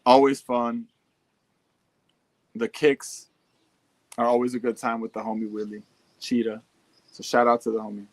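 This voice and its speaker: A young man talks casually into his stream mic, reading fan shout-outs and riffing in easy, slang-heavy speech with a fair amount of swearing. His voice sits at an ordinary male pitch. The sound is dry and close, with no room echo. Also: level tone, moderate pace, pauses often. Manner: laid-back, slangy, profane, riffing. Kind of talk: casual livestream chat.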